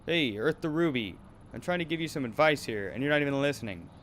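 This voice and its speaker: A bullying, abusive talent manager from a game, berating and menacing, as a man voices him. His voice sits at an ordinary middle pitch. A faint noise runs underneath. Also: animated, fast, fairly bright tone, lightly acted. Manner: berating, menacing, then wheedling.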